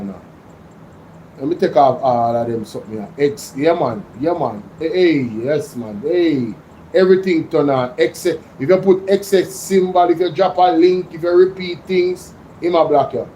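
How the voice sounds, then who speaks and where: Excitable Jamaican man hosting a livestream. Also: a little high, a little hiss or hum, low-quality recording. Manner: excitable, slips into patois, addresses chat directly. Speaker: livestream host. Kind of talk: casual livestream commentary reading chat.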